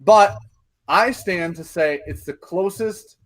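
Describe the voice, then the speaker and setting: A man hosting a casual whiskey chat, animated, swearing freely and laughing often. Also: high voice, slow, low-quality recording. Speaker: podcast host.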